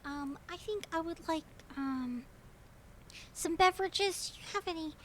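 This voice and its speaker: Prim, fussy genteel lady, a woman performing, high and dainty. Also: a little slow, a bit bright, a little hiss or hum. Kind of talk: tabletop role-play.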